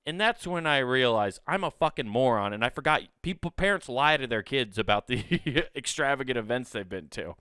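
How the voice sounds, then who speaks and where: Animated self-mocking comic man. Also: medium pitch, normal speed, hardly any pauses, smooth, dry recording, clean studio sound. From Sioux City, US Midwest. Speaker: podcast host and comedian. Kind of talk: comedic storytelling monologue.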